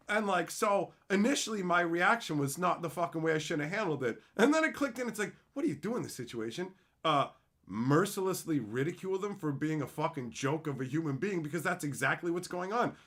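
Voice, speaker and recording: A man hosting a card-opening stream, chatting casually and ranting with lots of swearing. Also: a little high. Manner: profane, ranting and animated. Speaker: card-opening show host. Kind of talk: casual livestream chat.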